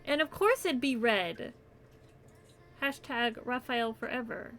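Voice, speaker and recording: A woman's voice: fairly high pitch, expressive, slow, fairly bright tone. A woman streamer chatting casually with her viewers while crocheting, giggling often and yawning near the end of her stream.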